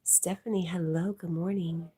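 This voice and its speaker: A woman's voice: on the low side, fairly even intonation, moderate pace, dark tone, slightly rough. A woman hosting a casual livestream, chatting and reading viewer comments aloud with frequent laughs. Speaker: livestream host reading chat. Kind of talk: casual live chat.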